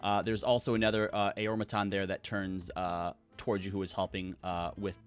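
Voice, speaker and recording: A man's voice: low-pitched, little pitch movement, moderate pace, clear, resonant tone, soft background music. A man narrating as dungeon master, rambling with many fillers. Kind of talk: narrating a tabletop game.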